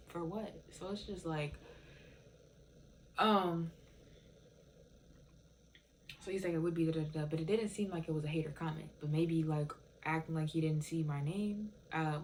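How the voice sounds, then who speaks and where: A woman's voice: low-pitched, measured pace, pauses often, darkish tone, a little hiss or hum, poor audio. A woman telling a rambling, profane storytime rant in casual speech, full of fillers like "it's just like". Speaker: TikTok viewer telling a story.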